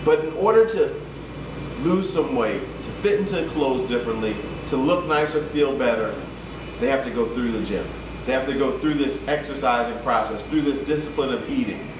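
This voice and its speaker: A man's voice: medium pitch, normal speed. A man, a fitness coach, telling a story and turning it into a motivational talk, often repeating himself as he builds to urgent appeals. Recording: echoey room, voice from a distance, background hum.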